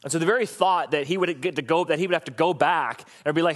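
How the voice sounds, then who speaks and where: A man in his thirties preaching a sermon, telling the story with animated, acted-out voices. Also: a little high, fast. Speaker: pastor.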